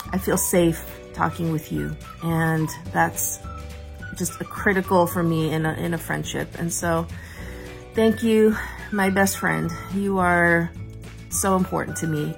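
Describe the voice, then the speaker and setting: A woman's voice: lowish voice, steady tone, measured pace, creaky. A woman giving a tender, heartfelt birthday message to her best friend. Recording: music playing behind.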